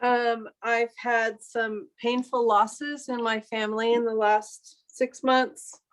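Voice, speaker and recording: A woman painter talking candidly while she demonstrates her work, quick to laugh at herself. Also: on the high side, little pitch movement. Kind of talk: casual chat while painting.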